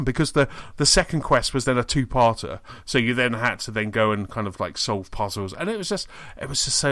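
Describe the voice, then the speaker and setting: A man's voice: on the low side, a bit bright, no echo, studio quality. A man co-hosting a gaming podcast, chatting casually and enthusiastically with frequent restarts. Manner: enthusiastic, rambling with many restarts. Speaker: podcast co-host. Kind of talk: casual chat.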